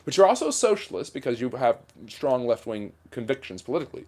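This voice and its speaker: Fast-talking man hosting a history livestream. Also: medium pitch, sing-song, darkish tone. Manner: fast-talking, blunt opinions, answers viewer questions. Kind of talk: livestream Q&A chat.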